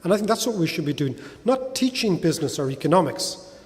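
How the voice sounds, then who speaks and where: A middle-aged man with a Dublin Irish accent, speaking to an audience in a lively, conversational way, peppering points with "right?". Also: on the high side, quick pace. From Ireland. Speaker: guest speaker. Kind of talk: talk with audience Q&A. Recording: hall reverb.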